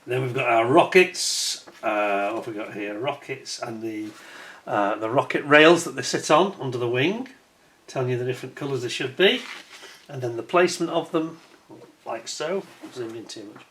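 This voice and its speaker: A man's voice: mid-range voice, normal speed, fairly bright tone. A man giving a casual hands-on review of a scale model kit, chatty and admiring, with wry self-mocking asides.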